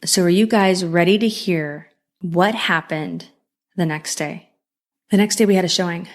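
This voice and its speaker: A woman's voice: fairly low pitch, measured pace. Earnest woman podcast host. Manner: earnest and heartfelt, with emphatic repetition. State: moved, near tears. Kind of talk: solo mindset podcast monologue.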